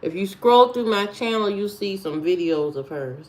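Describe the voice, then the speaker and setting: A woman hosting a casual livestream, reading out and answering viewers' comments, keeping her voice low. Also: lively intonation, moderate pace, a little mellow, poor audio. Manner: reads and answers chat comments aloud, lowered voice. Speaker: livestream host.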